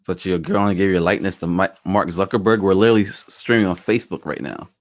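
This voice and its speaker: A man co-hosting a podcast in casual banter. He explains his points in a thoughtful, measured way. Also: sits low. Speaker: podcast co-host.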